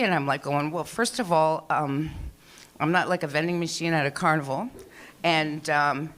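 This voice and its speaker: A woman's voice: low voice, normal speed. An older woman doing a stand-up comedy set, telling stories in a chatty, profane way, full of fillers and restarts. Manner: chatty, profane, animated storytelling with many fillers. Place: small comedy venue.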